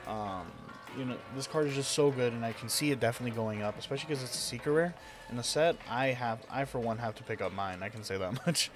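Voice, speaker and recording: A man's voice: mid-range voice, fast, over music. A young man casually talking through a card game deck, enthusiastic and rambling with lots of fillers. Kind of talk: casual deck profile commentary.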